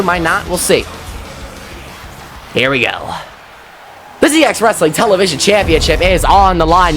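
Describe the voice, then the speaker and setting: A man giving casual, excitable wrestling commentary, chatty and quick to swear. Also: high voice.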